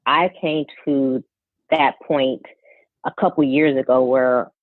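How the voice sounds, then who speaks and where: A woman's voice: very deep voice, steady tone, slow pace, dry recording. Woman in her forties, podcast host, tinny phone-like line, dry sound. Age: 40s. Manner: warm affirming listener, frequent mm-hmms. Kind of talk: conversational interview.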